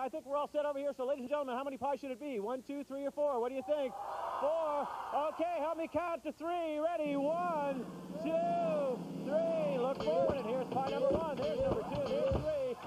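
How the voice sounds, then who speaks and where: Man, game show host, chatty, coaxing, high voice, live studio audience. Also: noisy background.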